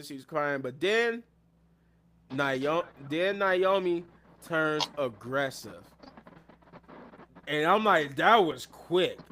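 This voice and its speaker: A man hosting a live show, retelling events in a casual, animated recap and acting out the quotes. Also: a little high.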